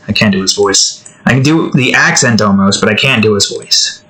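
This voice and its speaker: A young man talks casually into a desk mic while drawing, his voice bright and forward. He rambles from one thought to the next, cracks silly jokes, and cuts himself off mid-sentence. Every so often he breaks into a few off-key lines of song before going back to chatting. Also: mid-range voice, animated, moderate pace, rough recording. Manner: rambling, joking, self-interrupting, sings snatches off-key. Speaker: art streamer.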